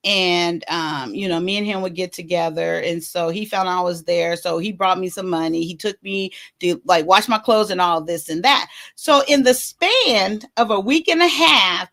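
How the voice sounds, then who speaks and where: A woman hosting a vlog, telling a personal story in a candid, halting way with many fillers. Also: mid-range voice, a bit bright. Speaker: vlog host.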